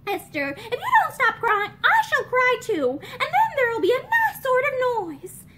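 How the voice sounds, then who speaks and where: Brash, outspoken young woman, high and lively, emphatic and exasperated; played by a female reader. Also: unhurried, heavy background noise, exaggerated voice. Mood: remorseful.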